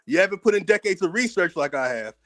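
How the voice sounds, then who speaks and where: A man's voice: high-pitched, big pitch swings, fast, fairly bright tone. An American man hosting his own channel, delivering a heated, profane commentary rant, combative and repeating words as he gets worked up. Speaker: channel host.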